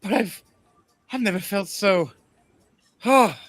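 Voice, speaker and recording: A man's voice: sits high, lively intonation, slow pace, a bit bright, no echo, faint music behind, voice pushed up, exaggerated voice. Man putting on a lusty giant queen. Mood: flirty awe. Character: huge lusty female ruler, bold and pushy.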